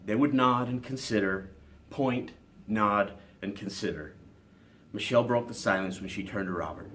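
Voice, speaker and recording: A man with a fairly low voice reads his own novel aloud. His narration is steady and even. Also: normal speed, a little hiss or hum. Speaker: author.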